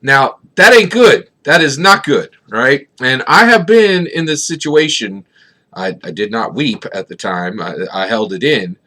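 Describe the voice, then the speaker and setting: Middle-aged guy from philly, bright forceful voice, rambly vlog talk, lots of "right?". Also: medium pitch, lively intonation, unhurried. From Philadelphia, USA. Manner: rambling, keeps asking "right?", many fillers. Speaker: tabletop gaming YouTuber. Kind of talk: casual vlog commentary.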